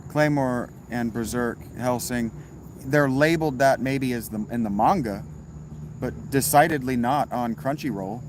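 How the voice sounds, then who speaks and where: Against a backdrop of steady hiss and chirping crickets outside, a man casually reads and answers his livestream chat with dry humor and the occasional swear. His ordinary-pitched voice keeps a measured pace, and the recording is rough.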